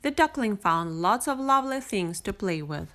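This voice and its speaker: A woman reading a bedtime picture book aloud, gentle and expressive, with sing-song repetition. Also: mid-range voice, normal speed. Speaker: storyteller. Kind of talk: bedtime story read aloud.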